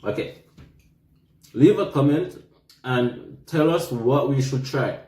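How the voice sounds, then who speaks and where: Brief: young Jamaican-accented male vlogger, casual and jokey, mid-pitched, recorded in an echoey room. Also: expressive, takes it slowly, darkish tone. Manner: chatty, laughing while chewing. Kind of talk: casual food-tasting chat.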